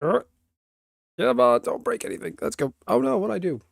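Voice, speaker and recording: A man's voice: high voice, very animated, normal speed, creaky, dry recording, studio quality. A young man streaming from home, rambling bluntly in casual chatter and swearing freely.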